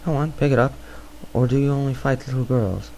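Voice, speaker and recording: A cruel, arrogant teenage prince sneers and taunts, in a man's plain reading voice. The speech stays at mid pitch and carries the slight rough edge of a homemade audiobook reading. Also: a little fast, a little mellow, slight background noise, lightly acted, rough recording. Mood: taunting.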